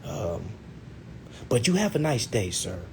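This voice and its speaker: A man voicing a polite, soft-spoken female finance officer who speaks calmly and hesitantly with a husky voice. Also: medium pitch, a little slow, voice pushed down, full character voice.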